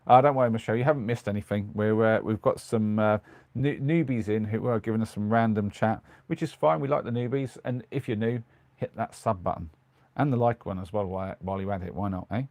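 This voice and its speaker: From a small converted van at night, a middle-aged man with a British accent chats on a live stream, reading comments and rambling with ums and restarts. He speaks briskly in a fairly low, darkish voice, with no room sound.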